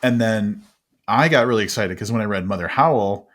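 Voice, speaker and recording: A man with a low, deep voice hosts a relaxed interview. He sounds eager and engaged, and laughs readily. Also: brisk. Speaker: podcast host. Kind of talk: casual interview.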